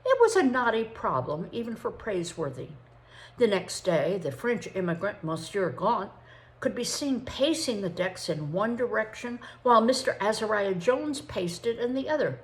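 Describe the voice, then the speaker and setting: An older woman, a grandmother, reading a chapter of a novel aloud in an expressive way. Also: medium pitch, moderate pace. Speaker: storybook reader.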